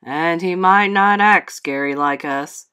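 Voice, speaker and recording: A woman voicing a stern, proud monster father in a storybook, speaking in a slow, booming, theatrical way. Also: bright, forceful tone, clean tone.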